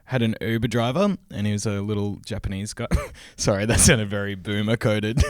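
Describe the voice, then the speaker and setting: A man hosting a casual comedy podcast, telling a story with lots of laughter and dipping into quiet asides. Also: normal speed, no echo, clean studio sound. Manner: storytelling, laughing often, drops low and quiet when retelling. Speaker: podcast host.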